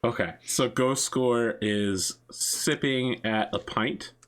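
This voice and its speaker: A young man runs a tabletop game as game master, rambling along in a casual, filler-heavy way. His pitch sits in an ordinary middle range, and he laughs often between descriptions. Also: slow pace, fairly bright tone.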